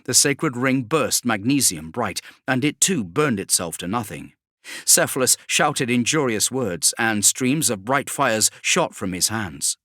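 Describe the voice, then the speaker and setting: A man narrating a bedtime sci-fi audiobook, his pitch moving in a lively way through the action. The tone is bright and crisp. The recording is dry and close, with no room sound. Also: measured pace, no echo.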